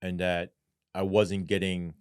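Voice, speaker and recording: Low-voiced blunt, swearing man. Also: level tone, slow pace, clear, resonant tone, no echo, studio quality. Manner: blunt, heavy swearing, frequent "right?" asides. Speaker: podcast guest, former police sergeant. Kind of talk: casual interview storytelling.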